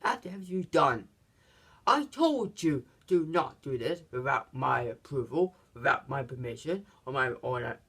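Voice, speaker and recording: A man's voice: mid-range voice, expressive, a little slow, gravelly, pushed and bright, breathy edge, exaggerated voice. A man voicing an angry police boss who barks at a disobedient officer and swears in short bursts.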